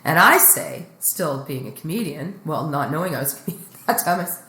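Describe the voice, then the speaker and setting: A woman's voice: low-pitched, brisk. Blunt, joking woman in an echoey room. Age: middle-aged. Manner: blunt, joking, animated retelling. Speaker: guest comedian. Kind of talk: candid storytelling chat.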